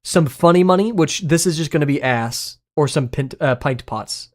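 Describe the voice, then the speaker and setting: Reacting to the chat with plenty of laughter and unfiltered swearing, this streamer keeps things casual and excited. The voice sits mid-range and moves at a moderate pace.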